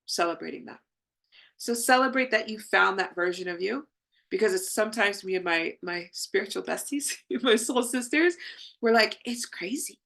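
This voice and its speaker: A woman's voice: medium pitch, lively intonation, normal speed, gravelly, a bit bright. A woman leading a live online healing session, talking to her viewers in an effusive, affirming way. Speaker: spiritual healing coach.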